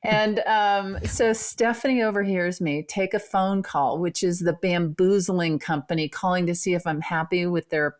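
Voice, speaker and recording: A woman's voice: lowish voice, normal speed, hardly any pauses. A middle-aged woman co-hosting a podcast, telling a rambling, self-mocking anecdote in casual chat and acting out the people in it. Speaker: podcast co-host.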